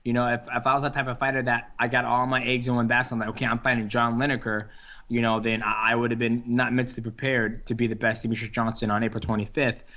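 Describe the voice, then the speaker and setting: A young man talks through an interview at an easygoing pace. His speech is loose and full of fillers and restarts. His voice sits at an average pitch. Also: little pitch movement, fast talker, sharp tone. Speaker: interview guest, fighter. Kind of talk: casual phone interview.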